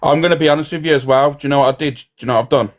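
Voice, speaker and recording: A man hosting a casual live stream. He talks fast and loosely, repeats himself and swears freely as he chats with friends and viewers. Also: on the high side. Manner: rambling, swears often, repeats "you know". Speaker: livestream host.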